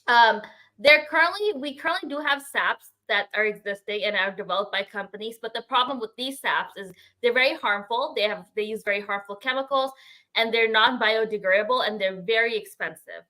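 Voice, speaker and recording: A woman with a fairly high, bright, forceful voice, presenting a segment on a chatty podcast. She reads from notes, pausing with many ums along the way. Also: rough recording. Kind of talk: casual chat and prepared segment.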